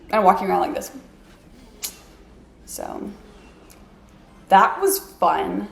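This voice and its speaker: A woman's voice: mid-range voice, very animated, a little slow, creaky, pauses often. A woman vlogging from her apartment, telling a story in a chatty, self-mocking way with lots of "like". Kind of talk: casual storytelling to camera. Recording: echoey room.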